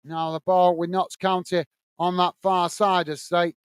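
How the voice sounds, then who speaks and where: A man's voice: sits high, level tone, measured pace, clean tone, dry recording. A man hosting a football watch-along, calling the play casually and reading out viewer messages. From England. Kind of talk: live fan commentary and chat reading.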